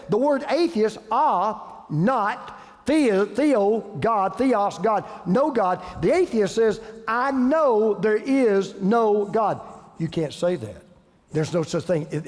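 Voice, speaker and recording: A man's voice: high voice, darkish tone. A middle-aged man preaching a sermon, emphatic and conversational, telling a story with repeated phrases. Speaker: pastor. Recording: long reverb of a large auditorium.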